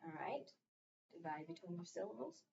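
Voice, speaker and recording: A woman's voice: fairly low pitch, lively intonation, moderate pace, gravelly, noisy background. A woman teacher leading a phonics lesson in a classroom, patiently prompting her students with fill-in-the-blank questions. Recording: muffled, distant classroom recording.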